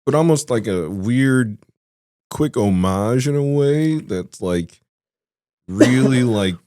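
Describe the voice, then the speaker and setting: A man's voice: medium pitch, lively intonation, slow, warm tone, no room sound, studio quality. A man co-hosting a podcast, rambling through a movie review with tangents and frequent laughter. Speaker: podcast co-host. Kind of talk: casual chat, movie review.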